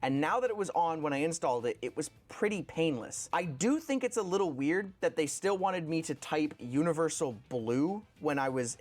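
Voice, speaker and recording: A tech presenter casually walking through a setup while thinking aloud. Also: medium pitch.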